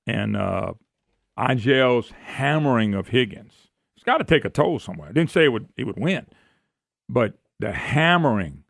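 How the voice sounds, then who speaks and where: A man's voice: medium pitch, vocal fry, fairly bright tone, no room sound, studio quality. A man hosting talk radio, folksy, sarcastic and ranting. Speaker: radio talk show host. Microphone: studio microphone.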